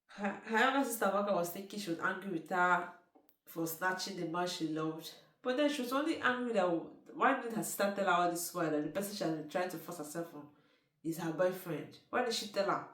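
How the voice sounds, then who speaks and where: A woman chattily recaps a film's plot in a fairly low, slightly bright voice, speaking a little fast and often restarting. She frequently turns to ask the listener questions, and the distant mic gives a roomy sound.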